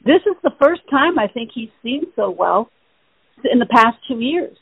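A woman's voice: on the high side, very animated, moderate pace, vocal fry, breathy edge, no room sound. A woman hosting a spiritual question-and-answer show by phone, explaining answers at length in an earnest, rambling way. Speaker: host answering listener questions. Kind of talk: casual spiritual Q&A over the phone. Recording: tinny phone line, dry.

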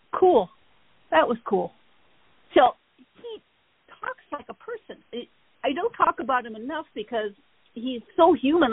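Host, woman, higher voice, rambling storyteller, dry phone-like sound. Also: no room sound. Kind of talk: casual chat. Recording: tinny phone-like line.

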